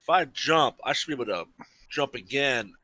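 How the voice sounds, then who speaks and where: A man playing a tabletop game, brash and excitable, swearing freely. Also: mid-range voice, normal speed. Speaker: player. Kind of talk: casual tabletop chat.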